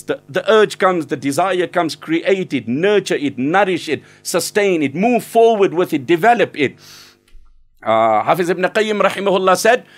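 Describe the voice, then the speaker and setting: A man giving an earnest, urgent Islamic lecture, exhorting listeners and breaking into quick Arabic recitation. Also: high voice. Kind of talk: sermon.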